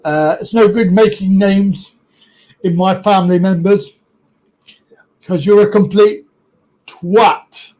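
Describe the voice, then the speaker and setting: A man's voice: sits high, fairly even intonation, slow, pauses often, a little mellow, poor audio. A British man hosting a live stream, talking casually and bluntly with lots of swearing.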